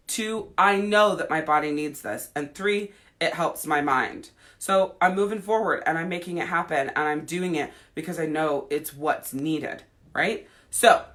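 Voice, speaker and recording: A woman life coach talks straight to her livestream viewers and answers their comments. Her voice is bright and forceful. She swears freely and gets right to the point. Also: lowish voice. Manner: blunt and heavily profane, acting out quoted voices.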